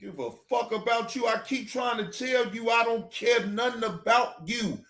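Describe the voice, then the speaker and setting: Male host, very high and bright voice, slow heated profane rant, often yelling. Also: reverberant, faint music behind. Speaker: reaction channel host. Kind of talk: ranting commentary.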